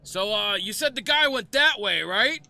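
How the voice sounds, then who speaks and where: A rowdy guard barks out his words in a loud, raised voice that sounds bright and sharp. A man acts him out for a tabletop game. The voice sits higher than an everyday speaking voice. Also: unhurried, creaky, full character voice. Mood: eager, shouting. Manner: loud, excited, higher-pitched barking.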